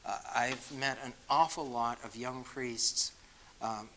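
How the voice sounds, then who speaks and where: A man's voice: mid-range voice, steady tone, slow pace, fairly bright tone, slight background noise, poor audio. A man with a Boston accent answering questions at a talk, speaking conversationally and with self-deprecating humor.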